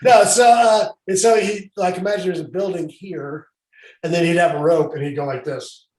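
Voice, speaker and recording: A man with a high, light voice rambles through a casual comedy chat, cracking jokes. The sound is echoey, as if from a bare room, and carries the thin quality of a video call. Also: fairly even intonation, moderate pace, darkish tone. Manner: rambling, jokey, breaks into silly voices. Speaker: podcast co-host.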